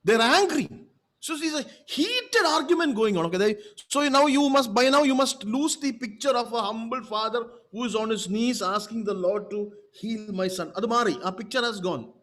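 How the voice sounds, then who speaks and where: A man's voice: very high-pitched, moderate pace, fairly bright tone. A man preaching a sermon as pastor, emphatic and repetitive, often checking in with the congregation through rhetorical questions.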